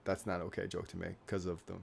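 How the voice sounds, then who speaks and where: Low-voiced young man rambling, self-mocking. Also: completely flat delivery, fast, creaky, breathy edge. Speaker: YouTuber. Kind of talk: casual vlog monologue.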